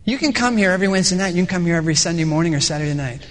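A man's voice: high-pitched, animated, very fast, a bit bright. A male pastor preaching a sermon in a church, dramatic and emphatic, moving from storytelling into intense exhortation. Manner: dramatic, swings between playful story voices and intense preaching. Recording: long reverb of a large hall.

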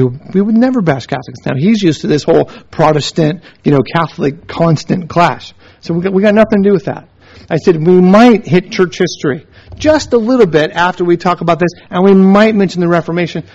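A man's voice: on the high side, darkish tone. A man, a missionary teacher, giving a sermon-style talk in emphatic, repetitive runs of short phrases and stories. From United States. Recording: dull lo-fi recording.

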